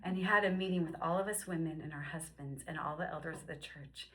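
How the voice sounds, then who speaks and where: A woman in her fifties telling her personal faith story, moving between hushed, whispered passages and excited, high-pitched bursts. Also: fast talker, poor audio. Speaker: guest sharing testimony. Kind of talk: emotional personal testimony.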